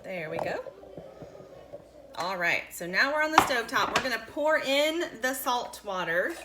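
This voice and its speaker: A woman in her thirties, a mom hosting a science video for kids, cooks in her home kitchen while giving cheerful, patient, step-by-step guidance in a casual way. Her voice sits a little high, with lively intonation at a normal speed. Echo and clear background noise fill the recording.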